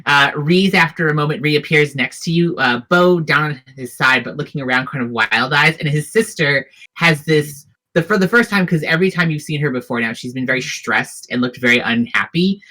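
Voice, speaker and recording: Gm narrating a tabletop game, mid pitch, lots of ums and restarts. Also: normal speed, hardly any pauses, pushed and bright. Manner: descriptive, hesitant with fillers. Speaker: game master.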